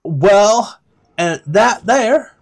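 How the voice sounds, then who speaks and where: A man with a Scottish accent voicing an excitable woman guide, exclaiming in a high, drawn-out voice. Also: faint music behind, exaggerated voice. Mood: eager.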